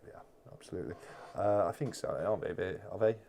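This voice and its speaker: A fairly low-pitched man talks through viewer comments on a live stream. He rambles, restarts his sentences and keeps the chat light. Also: fast talker, gravelly, dark tone. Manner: chatty, rambling with many restarts.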